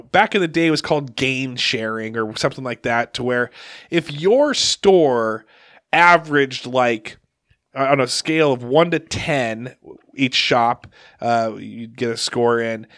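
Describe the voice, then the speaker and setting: A middle-aged podcast co-host tells animated stories in casual chat, laughing often. His mid-range voice is a little slow, captured in clean studio sound with no room noise.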